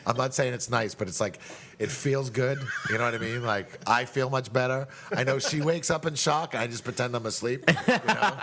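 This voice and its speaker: A man's voice: medium pitch, normal speed, background noise. A man, hosting a casual podcast chat, rambling and swearing a lot. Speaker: podcast host.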